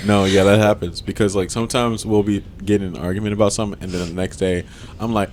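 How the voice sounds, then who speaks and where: A man co-hosting a podcast in casual chat, laid-back and slangy, often sinking into low mumbles. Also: steady tone, fast, darkish tone, a little hiss or hum. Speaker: podcast co-host.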